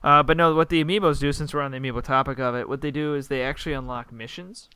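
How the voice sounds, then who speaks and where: A young man chatting on a gaming podcast over a call, eager and emphatic, and given to rambling. His voice is smooth and clean. The sound is dry and close. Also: medium pitch, steady tone, fast, bright, forceful tone, no room sound. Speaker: podcast co-host. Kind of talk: casual gaming podcast chat.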